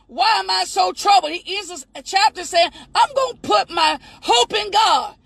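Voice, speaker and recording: A woman preacher with a very high voice and a gravelly edge, delivering a fervent sermon. She shouts her points and cries out to God between lines. The sound is dry and close. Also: moderate pace, few pauses, no echo, low-quality recording.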